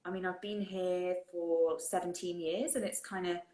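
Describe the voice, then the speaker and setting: An English woman with a slightly low voice chats with an old friend, quick and laughing often. Her voice rings in an echoey room at home. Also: steady tone, warm tone. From England. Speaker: guest. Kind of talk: casual chat. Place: home in the countryside.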